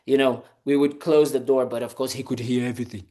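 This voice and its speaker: This monk talks fast, his medium-pitched voice dark-toned and fairly even in intonation. In his informal dharma talk he speaks conversationally and plays around, restarting sentences, dropping "you know" often, and acting out bits with "da, da, da."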